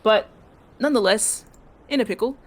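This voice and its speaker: A woman's voice: on the high side, normal speed. A woman playing in a tabletop game session, chatting casually, giggling and restarting her sentences often. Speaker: player.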